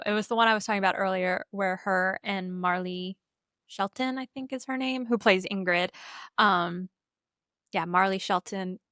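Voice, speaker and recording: Young female podcast co-host, bubbly casual talker with a bright voice. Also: medium pitch, dry recording, studio quality. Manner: chatty, bubbly, full of "like" and "um". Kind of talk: casual chat.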